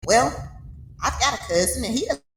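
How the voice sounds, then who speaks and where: A woman's voice: on the high side, lively intonation, brisk, heavy background noise. A woman from the American South with a Southern accent, hosting an emphatic, conversational commentary and putting rhetorical questions to her audience. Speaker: commentary show host. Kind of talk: fired-up opinion commentary. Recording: echoey room with music behind.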